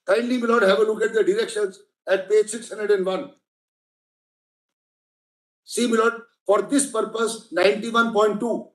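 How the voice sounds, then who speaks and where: In an echoey courtroom, a man with an Indian English accent argues a case before judges, his high voice fairly even and moderately paced, broken by long pauses. He's emphatic, repeatedly addressing the bench as "my lord."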